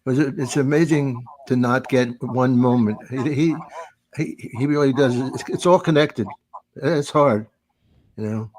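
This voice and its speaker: An older man hosting a comedy podcast, rambling through stories with halting restarts and put-on voices. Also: medium pitch, a little mellow. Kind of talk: casual comedy podcast chat.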